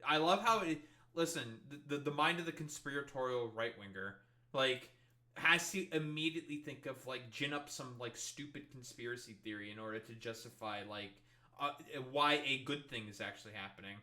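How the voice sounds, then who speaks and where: A man's voice: mid-range voice, normal speed, pushed and bright. A young man streaming live commentary, swearing a lot and sounding sarcastic and incredulous. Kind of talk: livestream reaction commentary.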